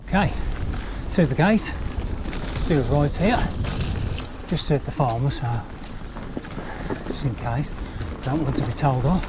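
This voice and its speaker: A man's voice: on the high side, a little slow, long pauses, background noise. Chatty man riding trails. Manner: chatty, breezy, swears lightly. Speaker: mountain bike vlogger. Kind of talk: casual vlog commentary while riding. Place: outdoors on a bike trail.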